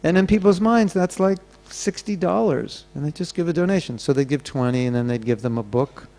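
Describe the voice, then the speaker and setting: Gravelly man giving a sermon. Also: on the high side, a little fast, a little mellow. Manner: storytelling, acting out quoted voices. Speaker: temple speaker.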